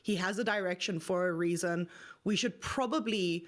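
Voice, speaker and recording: A woman's voice: lowish voice, normal speed. A woman co-hosting a casual livestream chat, earnest and a little nervous, sometimes stumbling over words.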